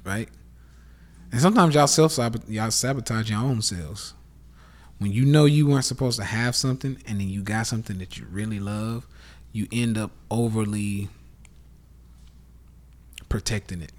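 A man with a Southern accent hosts a casual rant podcast, speaking in a lowish voice at a moderate pace with long pauses. He is blunt and profane, lecturing his listeners and addressing them as y'all.

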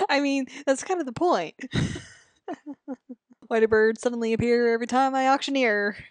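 A woman co-hosting a casual comedy podcast, playful and quick to laugh. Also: sits high, no echo. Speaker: podcast co-host.

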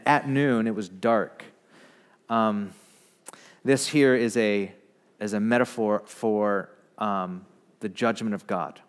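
A man preaching a sermon, swinging between loud emphatic declarations and hushed, low retellings. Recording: long hall reverb.

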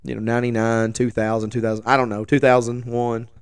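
Hoarse man rambling through a story. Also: medium pitch, level tone, quick pace, dry recording, studio quality. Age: 40s. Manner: rambling, self-deprecating, joking asides. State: hoarse from recent flu. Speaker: podcast host. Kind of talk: casual storytelling chat.

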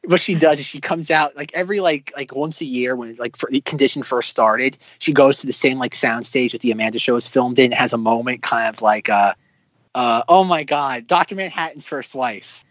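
A man's voice: mid-range voice, normal speed, fairly bright tone, no room sound. A man co-hosting a podcast in casual chat, rambling with plenty of fillers. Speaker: podcast co-host.

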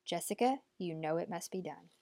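A woman voicing a noble mother who speaks quietly and with restraint, in a dry recording. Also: on the low side, expressive, moderate pace, no room sound. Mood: restrained. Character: noble mother, anxious but composed.

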